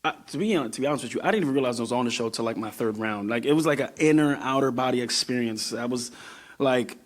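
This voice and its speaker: A man's voice: mid-range voice, quick pace. Man, young adult, from New York, podcast guest, reflective, loose casual talk. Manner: reflective, trailing off and restarting thoughts.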